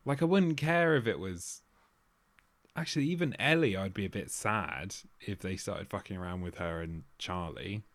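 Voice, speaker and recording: A man's voice: low voice, moderate pace, no room sound. A man, co-hosting a casual chat and swearing freely. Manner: sweary, animated impressions of others. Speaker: podcast co-host.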